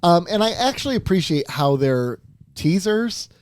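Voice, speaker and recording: A man co-hosting a podcast in casual chat, lively and quick to laugh. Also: high-pitched, dry recording. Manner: animated, laughs a lot, tries silly impressions. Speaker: podcast co-host.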